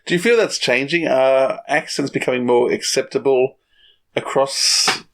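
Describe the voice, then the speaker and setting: A man's voice: mid-range voice, unhurried. A man hosting a podcast, putting thoughtful questions to a guest. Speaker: podcast host. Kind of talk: interview questions.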